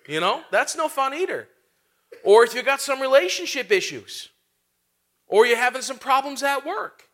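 Bright-voiced preacher, man. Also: very high voice. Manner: conversational, with rhetorical questions and fillers. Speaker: pastor. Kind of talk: sermon.

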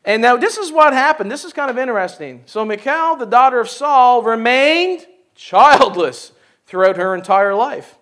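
A man preaching a sermon, animated and joking, with folksy asides and laughter. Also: extremely high pitch, moderate pace. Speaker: pastor.

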